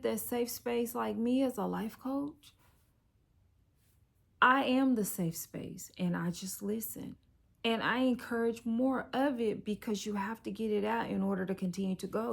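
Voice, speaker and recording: A woman's voice: on the high side, fairly even intonation, unhurried, gravelly. A middle-aged woman, a life coach, giving an encouraging, conversational tarot reading that turns slightly preachy. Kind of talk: direct-to-camera tarot reading.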